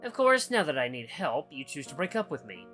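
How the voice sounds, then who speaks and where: A man's voice: sing-song, fairly quick, pushed and bright, soft background music. A man voicing a bitter, possessive male ex-partner in a visual novel, whining and accusing in a raised voice. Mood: whining, guilt-tripping. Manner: whiny, accusing, raised pitch.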